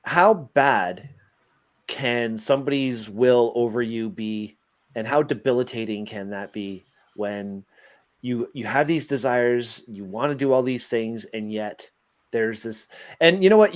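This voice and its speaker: Podcast co-host, man, friendly interviewer, casual. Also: medium pitch.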